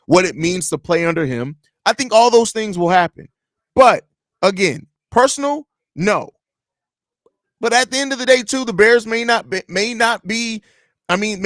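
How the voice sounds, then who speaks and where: A man's voice: sits high, fairly bright tone, no echo, studio quality. A man hosting a casual sports talk livestream, speaking loosely and with strong opinions, and reading viewer comments aloud. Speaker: podcast host.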